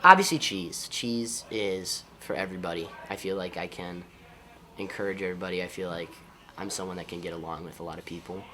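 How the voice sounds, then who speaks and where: A high school senior football player from Ohio with an Ohio accent, answering interview questions in an easygoing, upbeat way. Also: male voice, brisk, bright, forceful tone, a little hiss or hum. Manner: upbeat, easygoing, laughs often.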